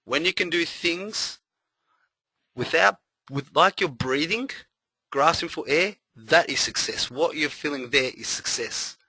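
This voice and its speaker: A stern, cryptic rich guru barks short orders, as a man tells the story in his webinar. The voice is bright and pushy, a little higher than his own plain talk. It is a storytelling voice, not a full character performance. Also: unhurried, husky, no room sound, full character voice. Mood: commanding. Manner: terse commands.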